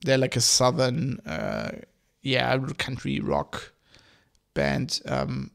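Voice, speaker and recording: Hoarse, gravelly man rambling casually. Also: medium pitch, big pitch swings, slow. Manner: rambling, swears, many fillers and restarts. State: hoarse from hay fever. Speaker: podcast host. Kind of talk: casual solo podcast chat.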